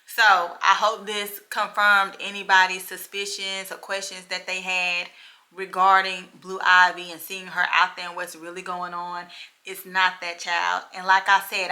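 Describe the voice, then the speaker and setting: A spiritual medium with a fairly low, sharp-toned voice talks casually and emphatically to her viewers in a vlog monologue. She addresses them directly, repeats her key points, and checks in with them often.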